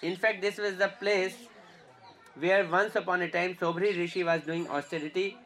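A man's voice: high-pitched, steady tone, moderate pace, fairly bright tone. A man giving an earnest devotional talk as a guide at pilgrimage sites, often repeating himself and searching for words. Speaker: spiritual tour guide.

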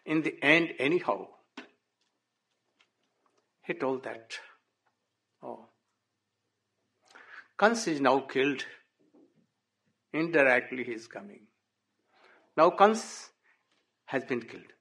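Man, devotional storyteller, halting English, slow, gravelly voice. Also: mid-range voice, animated, sharp tone. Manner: halting English with frequent "oh" and "hmm?". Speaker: religious storyteller.

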